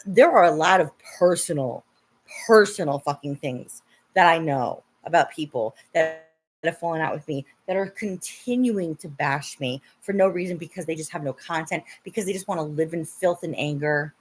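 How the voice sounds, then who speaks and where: Young woman on a livestream, kinda low voice, laughs a lot, cusses when she's mad. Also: a little fast, few pauses, husky. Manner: chatty, laughs often, swears when upset. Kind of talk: casual livestream chat.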